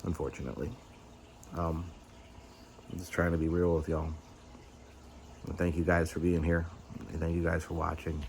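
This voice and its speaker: A man's voice: low-pitched, little pitch movement, moderate pace, gravelly, long pauses, darkish tone, a little hiss or hum. A middle-aged man hosting his own vlog, venting candidly and agitated, swearing and stumbling over fillers. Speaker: YouTube host. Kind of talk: candid personal vlog rant.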